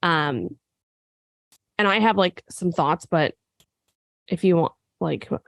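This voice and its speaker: A woman co-hosting a fitness podcast, sick and raspy, explaining at length in casual chat with frequent fillers. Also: lowish voice, animated, slow, no echo. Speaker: podcast co-host and nutrition coach.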